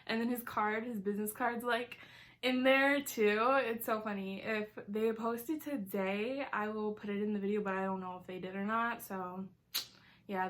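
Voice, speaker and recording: A twentysomething woman vlogs a mukbang, eating and chatting casually in a mid-range, fairly bright voice. She says "like" constantly and adds giggly asides along the way.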